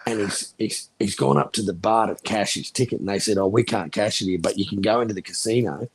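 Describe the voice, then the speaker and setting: A man's voice: on the low side, a little fast, slightly rough, rough recording. A man telling crude, profane stories in casual chat, laughing into his punchlines. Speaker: stream chat guest.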